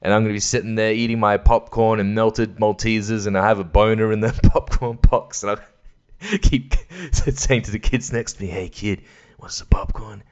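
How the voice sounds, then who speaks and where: A man's voice: fairly low pitch, normal speed, smooth, lo-fi sound. Sweary rambling man. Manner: sweary, rambling, laughs often, mimics voices. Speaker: podcast host. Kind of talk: casual solo chat.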